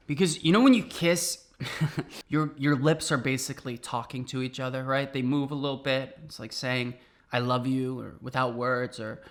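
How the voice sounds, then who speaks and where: Male cooking host with a bright, upbeat voice, spinning comic stories with lots of laughs. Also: medium pitch, unhurried. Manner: animated, laughing, conversational. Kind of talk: comic storytelling while cooking.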